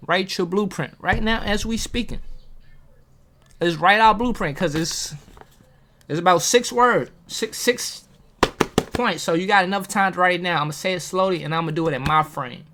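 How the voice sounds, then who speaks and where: A man's voice: high-pitched, fairly quick, bright, forceful tone, slight background noise. Preachy man firing questions at viewers. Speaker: motivational video host. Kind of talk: casual motivational talk to camera. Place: at a table, self-filmed. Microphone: camera on a table.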